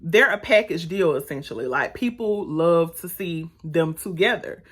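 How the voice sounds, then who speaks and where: A woman reviewing a TV episode in a casual, animated, sassy way, talking straight to her viewers. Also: fairly low pitch, moderate pace, husky. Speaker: YouTube reviewer.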